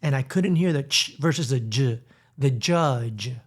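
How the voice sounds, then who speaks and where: A man in his fifties with a Miami accent, chatting casually as a podcast guest co-host and telling stories with lively emphasis. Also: medium pitch, fairly quick. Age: 50s. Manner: animated storyteller mixing in Spanish phrases.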